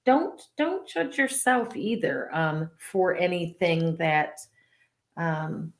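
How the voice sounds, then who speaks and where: A woman's voice: on the low side, big pitch swings, slow pace, reverberant. A woman co-hosting a casual spiritual chat, talking loosely with many fillers and easy laughs. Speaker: co-host.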